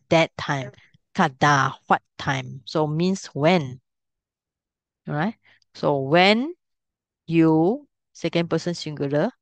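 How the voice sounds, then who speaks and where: A woman's voice: sits low, no room sound. A middle-aged woman teaching a language class, patiently explaining step by step and checking if students can follow.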